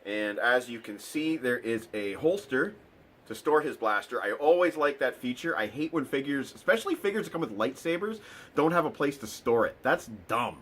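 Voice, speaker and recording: A man's voice: mid-range voice, expressive, moderate pace, a bit bright, husky. A man hosting a casual toy unboxing video, talking with dry, sarcastic remarks and lots of ums and uhs.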